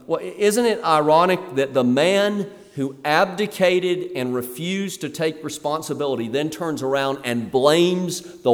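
Man preaching in an echoey hall. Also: on the high side. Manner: emphatic, preacherly, with fillers and restarts. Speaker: pastor. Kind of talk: sermon.

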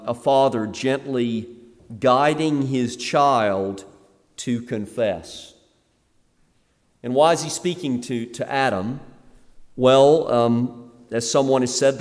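A man's voice: mid-range voice, big-room sound. A man preaching a sermon with emphatic swings of voice, with some fillers and restarts. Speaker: pastor.

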